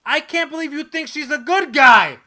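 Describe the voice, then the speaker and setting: A man co-hosting a podcast in casual chat, joking with crude humor and loud outbursts. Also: extremely high pitch, lively intonation, normal speed. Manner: profane, jokey, loud bursts. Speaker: podcast co-host.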